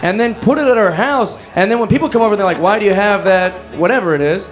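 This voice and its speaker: A man doing stand-up, telling a rambling, self-mocking story with animated energy. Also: high voice, fast talker, faint music behind. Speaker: stand-up comedian.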